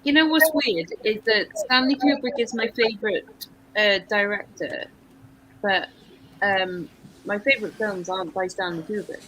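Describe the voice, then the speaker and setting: A woman chatting casually as a guest, relaxed and gushing, with frequent fillers. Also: medium pitch, normal speed, a little hiss or hum, low-quality recording. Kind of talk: casual chat.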